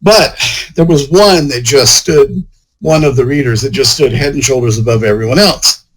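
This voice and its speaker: A man's voice: medium pitch, moderate pace, rough recording. A man, an author, chatting casually in an interview, rambling and full of "you know" fillers. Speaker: author and guest.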